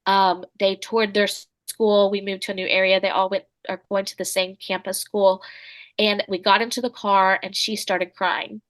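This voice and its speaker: A woman author, a guest on a podcast, talking in an earnest, thoughtful and soft-spoken way. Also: medium pitch, little pitch movement, moderate pace. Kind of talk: conversational interview.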